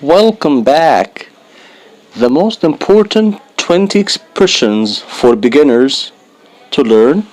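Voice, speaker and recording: A man whose first language is Arabic, teaching English to beginners, saying each phrase slowly and then repeating it. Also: fairly high pitch, very animated, darkish tone, poor audio. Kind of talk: slow English lesson for beginners.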